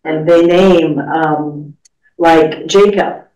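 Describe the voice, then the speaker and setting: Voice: mid-range voice, fairly even intonation, very slow, a little mellow. A class leader teaching a church study class, talking in a conversational, rambling way with fillers. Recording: echoey room, far from mic.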